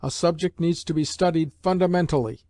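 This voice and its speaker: A man's voice: on the high side, fairly quick, warm tone, no echo, voice pushed up, natural voice. A man reading an audiobook voices a stern, condescending older male professor who speaks with clipped intonation and a scolding, dismissive manner. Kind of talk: audiobook character voice.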